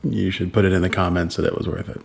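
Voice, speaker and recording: Young guy on a vlog, lowish voice a bit rough from allergies, dry jokey banter. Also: fairly even intonation, fast talker. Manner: dry, self-mocking banter. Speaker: vlog co-host. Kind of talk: casual chat.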